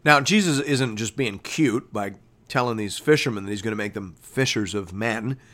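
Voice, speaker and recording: A man's voice: lowish voice, moderate pace, a bit bright. Man preaching with conversational emphasis. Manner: conversational, emphatic, asks rhetorical questions. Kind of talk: sermon with scripture reading.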